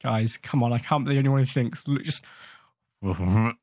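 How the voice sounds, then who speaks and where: A man's voice: medium pitch, normal speed, a little mellow, no echo. A man hosting a gaming channel, giving rambling, jokey, self-mocking commentary while he scolds the creatures in his game. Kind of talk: casual gameplay commentary.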